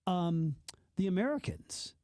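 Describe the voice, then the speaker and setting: A man's voice: high-pitched, very animated, a little slow, darkish tone, no echo, studio quality. A man co-hosting a radio talk show, chatting casually in a playful, teasing way. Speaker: radio co-host. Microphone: studio microphone.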